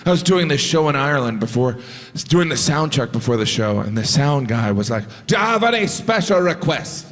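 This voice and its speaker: A man performing a stand-up comedy bit, telling an animated story and mimicking other voices. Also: medium pitch, fairly quick. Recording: live stage audio with long reverb and audience noise.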